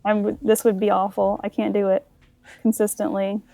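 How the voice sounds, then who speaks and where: A woman's voice: mid-range voice, flat delivery, moderate pace, creaky, warm tone, no echo. A woman playing a tabletop game, chatting casually and unsure with many fillers like "I guess". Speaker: player.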